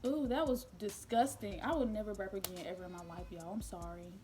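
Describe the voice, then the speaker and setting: A young female vlogger tells a relaxed story, lively and chatty, with plenty of filler words and brief bursts of laughter. She speaks at a medium pitch for a woman over faint background music.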